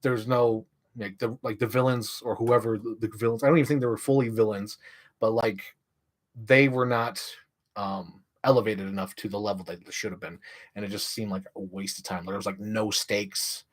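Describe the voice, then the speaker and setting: A young man ranting casually on a livestream, rambling with lots of "like" and jumping up in pitch when he gets excited. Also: normal speed. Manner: rambling, heavy use of "like", restarts mid-sentence; animated, voice jumps up when excited.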